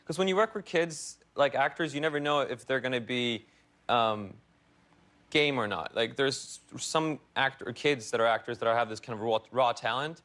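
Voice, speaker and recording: A young man, an actor guest, rambling through animated stories with laughter in a casual interview. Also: mid-range voice, moderate pace.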